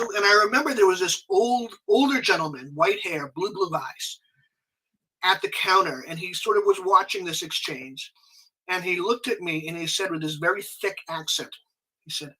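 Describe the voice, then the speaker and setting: A man guesting on a podcast who tells a story in a conversational way, animated and often restarting his sentences. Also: high-pitched, moderate pace, low-quality recording. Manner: animated, frequent restarts and self-corrections.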